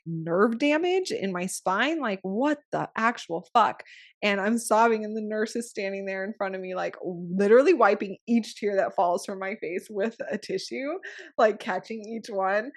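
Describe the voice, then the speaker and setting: A young woman telling her own story as a podcast guest. She talks frankly and casually, swears freely and uses lots of filler words. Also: mid-range voice. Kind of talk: candid personal storytelling.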